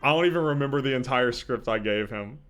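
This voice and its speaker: A man streaming live, chatting casually and reacting out loud, often breaking into laughter. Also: medium pitch, fast talker, soft background music.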